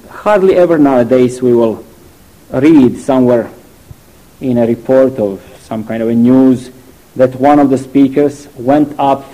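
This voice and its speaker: Slow, mellow-voiced male preacher. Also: medium pitch, rough recording. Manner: deliberate, halting phrasing with sudden emphatic rises. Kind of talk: sermon.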